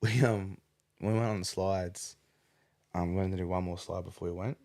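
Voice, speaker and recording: A man's voice: low-pitched, fairly even intonation, moderate pace, darkish tone. A man chatting casually as a podcast guest, rambling with lots of fillers and casual swearing. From Australia. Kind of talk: casual chat.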